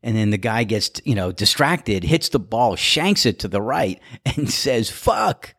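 Deep-voiced man telling golf stories. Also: lively intonation, measured pace, fairly bright tone, no echo, studio quality. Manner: chatty, laughs while telling anecdotes. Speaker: podcast host. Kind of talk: casual storytelling monologue.

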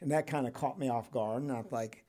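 A man's voice: medium pitch, quick pace, warm tone. Rambling older man telling his story. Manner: rambling, with frequent ums and restarts, laughs often. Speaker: interviewee, retired correctional officer. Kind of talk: storytelling interview.

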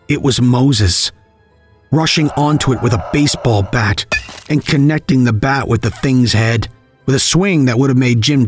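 A man narrating a scripted horror audio story in a measured, grim storytelling manner. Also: mid-range voice.

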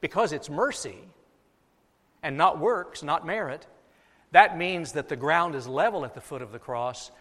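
A man's voice: fairly high pitch, expressive, unhurried, a bit bright. A man preaching a sermon from the pulpit as pastor, from the United States, emphatic and repeating key phrases for effect. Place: church sanctuary. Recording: long reverb of a large hall.

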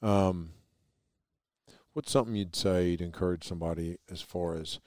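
A man's voice: low-pitched, steady tone, normal speed, darkish tone, no room sound, studio quality. A man hosting a podcast, rambling and joking in casual chat. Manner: rambling, enthusiastic, jokey. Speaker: podcast host.

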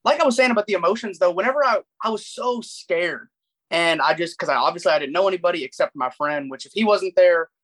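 A man's voice: sits high, fast, fairly bright tone, poor audio. Young male podcast co-host, rambling, self-deprecating storyteller, casual. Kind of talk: casual chat.

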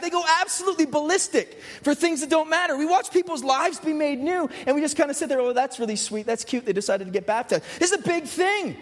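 A man preaching a lively sermon, joking with the congregation and often asking rhetorical questions. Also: very high voice. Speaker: pastor. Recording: hall with long reverb.

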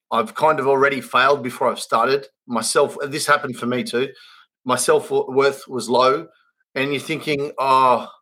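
Bright-voiced Australian man, earnest. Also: mid-range voice. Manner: earnest, rambling, many restarts. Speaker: podcast host and trades business owner. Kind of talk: casual podcast chat.

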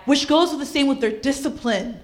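A woman's voice: high voice, brisk. A woman co-hosting a casual chat about parenting and relationships, talking earnestly and acting out little quoted voices. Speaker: podcast co-host.

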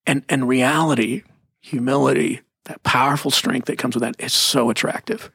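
A middle-aged man talking about faith in an emphatic, preachy way, slowing down to stress key words. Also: medium pitch, fairly even intonation, gravelly, fairly bright tone, husky, no echo, studio quality. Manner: emphatic, preachy, drops into slow stressed phrases. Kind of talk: conversational Christian teaching.

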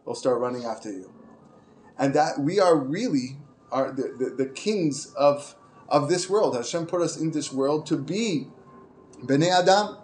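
A man teaching Torah, halting and animated. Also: fairly high pitch, a little hiss or hum. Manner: halting, many restarts, animated when telling stories. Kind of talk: informal Torah class with storytelling.

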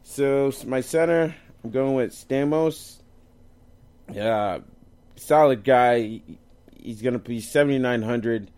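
A man's voice: medium pitch, slow pace, darkish tone. A man co-hosting a casual sports chat, loose and jokey, tripping over hard names as he lists his picks. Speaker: co-host picking fantasy lineups.

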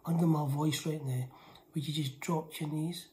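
A woman preaching in a low, mellow voice. She delivers an emphatic sermon, repeating lines for weight and sinking to hushed whispers between firmer passages. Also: fairly even intonation, normal speed, slight background noise.

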